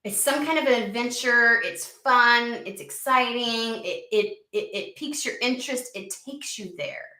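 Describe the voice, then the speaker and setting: A woman giving a casual tarot reading, excitable and profane, who argues back at the cards she draws. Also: on the high side, moderate pace, few pauses, reverberant, distant mic. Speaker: tarot reader.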